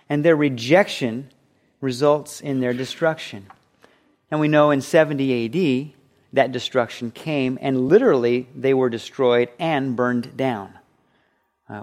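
A man preaching a sermon, animated, acting out quoted voices as he teaches. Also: mid-range voice. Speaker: pastor.

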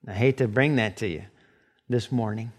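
A middle-aged man preaching a sermon as pastor, animated, sometimes acting out short quoted exchanges. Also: fairly low pitch, normal speed.

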